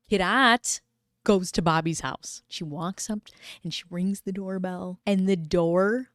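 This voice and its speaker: A young adult woman retelling a story in a casual, dramatic and expressive way. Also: fairly low pitch, slow, dry recording, clean studio sound. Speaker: video commentator.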